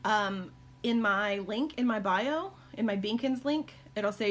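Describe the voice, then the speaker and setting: A woman's voice: lively intonation, a little slow. A middle-aged woman chatting casually on a live stream from her home, answering viewer questions with many ums and likes. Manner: high cooing baby talk to her dogs. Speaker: live-stream host and caregiver mom.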